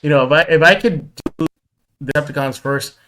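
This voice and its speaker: A man co-hosting a podcast in casual chat, animated and repeating words as he talks. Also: a little high, a little fast, a little hiss or hum. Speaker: podcast co-host.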